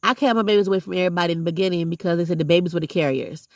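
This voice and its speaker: Gravelly, passionate woman vlogger. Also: lowish voice, rapid-fire, a little mellow, no echo. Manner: passionate, preachy and blunt. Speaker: vlogger and substitute teacher. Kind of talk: heartfelt casual vlog monologue.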